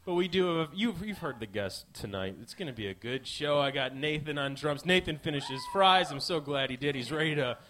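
Crowd noise fills the background as a man in his twenties from the Midwest hosts his podcast, rattling off a profane, rambling, self-mocking comedy routine. His voice runs on the high side, brisk and lively, with barely any pauses.

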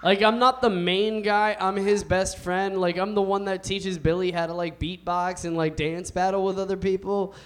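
A young man with a notably high speaking voice works a comedy club stage, talking into a handheld mic. His delivery is loose and laid-back, stretching out the punchlines of a stand-up set. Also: steady tone, moderate pace, hardly any pauses, clear, resonant tone. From United States.

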